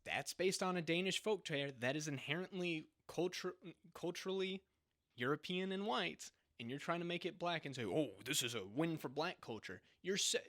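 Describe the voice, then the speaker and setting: A man's voice: fairly high pitch, normal speed, fairly bright tone. A man co-hosting a podcast, making argumentative, sarcastic points in casual chat. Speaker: podcast co-host.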